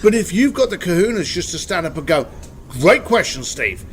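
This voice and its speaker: A man being interviewed, talking bluntly and casually, telling animated stories with a swear word here and there. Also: high-pitched, fast talker, slight background noise. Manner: blunt, animated storytelling with profanity. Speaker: interview guest.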